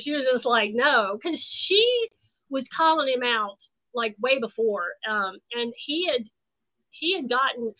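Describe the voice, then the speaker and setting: Bright-voiced blunt woman guest. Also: high voice, measured pace. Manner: blunt, animated, profane. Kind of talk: casual storytelling chat. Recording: dull lo-fi sound.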